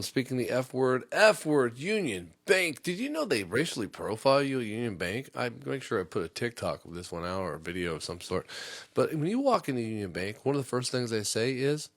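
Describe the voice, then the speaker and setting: A man's voice: mid-range voice, dry recording. A male comedy podcast host riffing through a long rant, rambling and breaking into voices. His voice sits in a middle range, heard dry and close. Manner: rambling, jumping into impressions.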